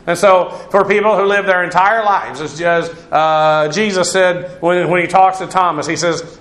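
A man's voice: high-pitched, steady tone, normal speed, hardly any pauses, fairly bright tone, roomy sound. A man teaching through a Bible passage verse by verse, in a conversational, digressive way with asides on Greek grammar.

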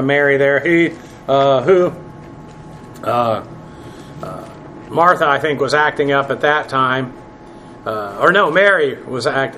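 A man teaching a sermon verse by verse, plain-spoken and halting, with many fillers and self-corrections. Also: on the high side, a bit bright, slight background noise, poor audio. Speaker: pastor.

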